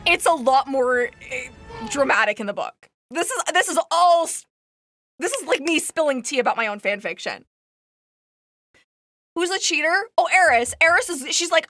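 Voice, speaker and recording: Woman streamer, casual chat; high, bright, rambling voice with lots of fillers and laughs. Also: animated, normal speed, faint music behind. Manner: rambling, filler-heavy storytelling; laughs as she talks.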